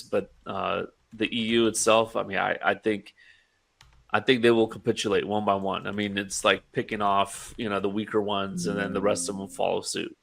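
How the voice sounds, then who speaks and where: Low, gravelly male podcast co-host. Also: a bit bright. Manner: measured, hedging with "I mean" and "right?". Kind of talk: casual political chat.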